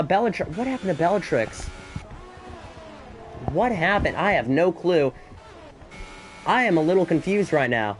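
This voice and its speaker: A man doing solo live commentary on an esports race, excitable and a bit out of breath, with chatty asides between the action. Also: a little high. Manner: excitable, rising to shouts in battles, chatty asides.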